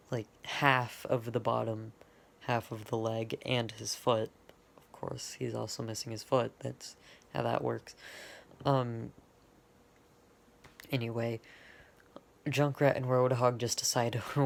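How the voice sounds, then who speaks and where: A man's voice: mid-range voice, gravelly. A man casually retelling his own fan-made story, rambling and stopping often to correct himself. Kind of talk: off-the-cuff fan lore retelling.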